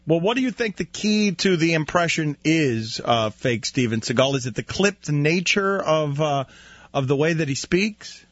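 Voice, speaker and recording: High-voiced, husky radio host, man. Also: expressive, fairly bright tone, no echo, lo-fi sound. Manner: teasing, quick questioning. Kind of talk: casual sports-radio banter.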